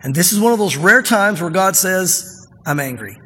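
Pastor guy preaching in a church, pretty high voice, kinda husky, big hall echo behind him. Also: animated, pushed and bright. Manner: conversational preaching, reads scripture slowly and with emphasis. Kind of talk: sermon. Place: church sanctuary. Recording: long reverb of a church hall.

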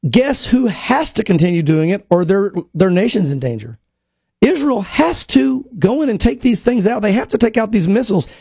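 A man, a pastor co-hosting a talk show, talks in animated bursts and acts out quotes. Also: high-pitched, moderate pace, gravelly, slightly rough, dry recording, clean studio sound. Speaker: pastor and co-host. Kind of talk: casual prophecy talk show.

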